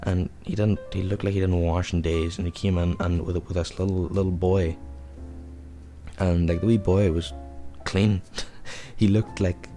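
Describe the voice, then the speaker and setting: A man's voice: sits low, flat delivery, moderate pace, mellow, soft background music. A young man hosting a podcast, telling a rambling, profane anecdote in a casual way. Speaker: podcast host. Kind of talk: casual storytelling.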